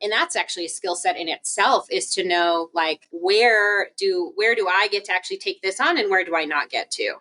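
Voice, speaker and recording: A young adult woman chats as a podcast guest, her voice bright and forward. She tells stories with lots of energy and slips into other people's voices as she quotes them, at an ordinary middle pitch. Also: moderate pace, hardly any pauses. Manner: animated storyteller, acts out quoted dialogue. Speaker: physical therapist guest. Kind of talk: casual podcast interview.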